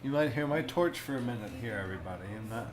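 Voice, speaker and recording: A man's voice: mid-range voice, lively intonation, fast talker, poor audio. Laid-back rambling podcast guy. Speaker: podcast co-host. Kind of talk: casual stoned chat while watching a show.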